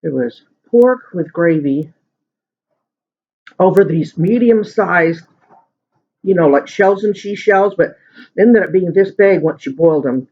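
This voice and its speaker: High-voiced man telling a rambling story. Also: lively intonation, unhurried, pauses often. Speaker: mukbang vlogger. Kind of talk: casual chat while eating. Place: at home at the dinner table. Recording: muffled lo-fi sound.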